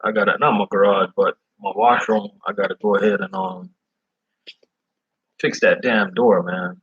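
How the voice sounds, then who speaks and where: A man who is a food service delivery driver, chatting casually in slangy, animated talk. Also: fairly low pitch, moderate pace, lo-fi sound. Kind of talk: casual chat.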